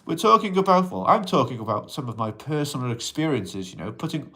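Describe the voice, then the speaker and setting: This livestream host has a mid-range, sing-song voice, talking fairly quickly with a bright, forceful tone. He's a man running a casual stream on mental health, rambling through viewer comments and replying in the guise of an alien speaking to humans. Viewers keep asking about his unplaced accent.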